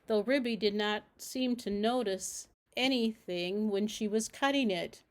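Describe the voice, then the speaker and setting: A woman from a library reading a children's storybook aloud in a steady, measured way. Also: medium pitch.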